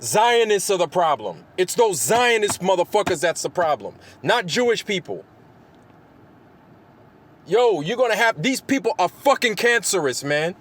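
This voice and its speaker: A man's voice: sits high, very animated, a little slow, fairly bright tone, a little hiss or hum. A man delivering a heated vlog rant, cursing constantly and repeating phrases for emphasis. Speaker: vlogger. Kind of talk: angry profane rant to camera.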